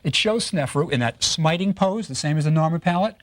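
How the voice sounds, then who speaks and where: A man giving a recorded lecture on Egyptology, telling stories with lively rhetorical questions and frequent tag questions. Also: on the high side, brisk, dry recording. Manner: animated storytelling with rhetorical questions; tags statements with "right?".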